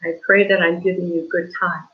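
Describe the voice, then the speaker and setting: A woman teaching a remote kindergarten reading lesson, reading slowly and with exaggerated stress, prompting the children with questions. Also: lowish voice, level tone. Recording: dull lo-fi online class audio.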